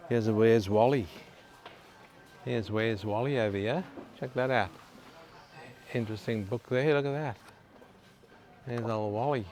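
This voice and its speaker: A man's voice: mid-range voice, measured pace, pauses often, darkish tone, a little hiss or hum. An Australian man casually walking through a department store, chatting to viewers and reading out prices. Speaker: vlogger. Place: indoor department store in a shopping centre.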